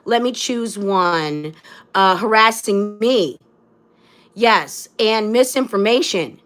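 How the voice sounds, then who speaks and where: A woman's voice: mid-range voice, animated, takes it slowly, a bit bright. A woman hosting her own livestream, delivering an angry, blunt and profane rant full of repeated rhetorical phrases. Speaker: livestream host.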